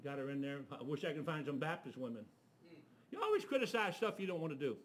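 A man's voice: on the high side, big pitch swings, fast. A man preaching a storytelling sermon. He talks in a folksy way, restarts his sentences often and acts out the voices of the people in his stories. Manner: folksy, with restarts and filler words.

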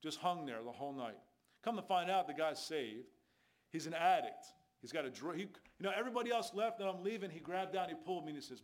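A man preaching a sermon in a voice pitched somewhat high. He tells stories from his street ministry and drives each point home with rhetorical questions. His delivery is emphatic and conversational. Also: animated, fast.

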